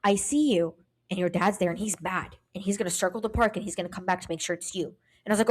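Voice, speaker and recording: A woman's voice: mid-range voice, quick pace. A woman co-hosting a casual podcast tells a long story with real animation. She acts out the lines of everyone involved and swears freely along the way. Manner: animated storytelling, acting out other people's lines, frequent swearing. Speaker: podcast co-host. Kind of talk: casual chat.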